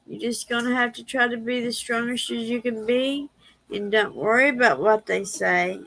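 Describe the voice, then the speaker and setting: A woman's voice: fairly high pitch, gravelly, a bit bright, no room sound, low-quality recording. A woman hosting a casual livestream, reading prayers and speaking tenderly and emotionally. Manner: tender, emotional, laughs easily.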